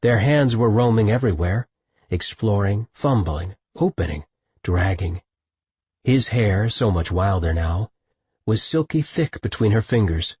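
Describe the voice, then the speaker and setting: A man reading scripted audiobook narration with a husky voice, close to a studio mic. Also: on the low side, expressive, measured pace, darkish tone, no room sound.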